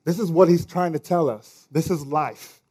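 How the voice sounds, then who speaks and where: Man preaching, fairly high voice, chatty with lots of fillers, loud then quiet. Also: normal speed, slightly rough. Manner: conversational, many fillers, swings between loud and hushed. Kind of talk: sermon.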